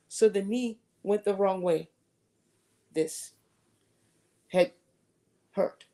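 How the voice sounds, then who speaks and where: A woman's voice: lowish voice, vocal fry, dark tone. A woman giving a conversational faith talk at a retreat, sharing earnest personal testimony. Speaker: retreat speaker.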